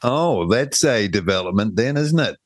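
A man hosting a radio show in a casual, jokey way with brisk interjections. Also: on the low side, expressive, no room sound. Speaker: radio host.

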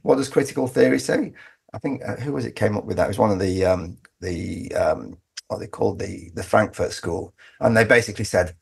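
A man with a fairly low, creaky, slightly rough voice talks fairly quickly with big pitch swings while appearing as an interview guest. The exchange is conversational, and he argues emphatically with frequent restarts.

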